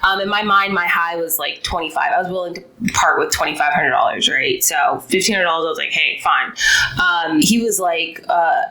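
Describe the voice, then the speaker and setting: A woman's voice: fairly low pitch, moderate pace, sharp tone, rough recording. A young adult woman, a landlord and investor, giving casual advice with frequent fillers and restarts, acting out bits of dialogue. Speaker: real estate investor and landlord.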